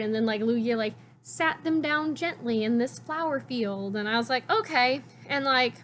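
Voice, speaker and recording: Chatty woman vlogger, rambling, lots of fillers, slightly high voice, faint background noise. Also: a bit bright. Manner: rambling, heavy use of "like". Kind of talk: casual chat recapping a cartoon.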